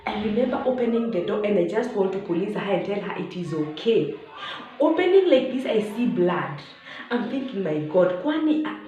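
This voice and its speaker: Kenyan woman telling a story in an echoey room. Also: mid-range voice. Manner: animated retelling, acting out shouts and dropping to hushed asides, mixing in Swahili. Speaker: vlogger. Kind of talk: storytelling vlog. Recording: very echoey room, faint background noise.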